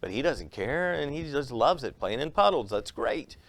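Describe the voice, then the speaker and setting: A man's voice: mid-range voice, moderate pace. A man, a comedian and magician, telling stories in an interview and acting out the voices of the people in them. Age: adult with a young son. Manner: lively storyteller acting out quotes in raised voices. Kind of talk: animated interview storytelling.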